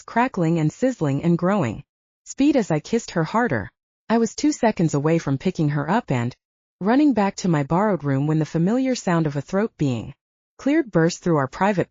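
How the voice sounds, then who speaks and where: Woman narrating an audiobook, low and mellow. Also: no echo. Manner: first-person, steady reading. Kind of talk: scripted narration. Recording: dry, dull lo-fi sound.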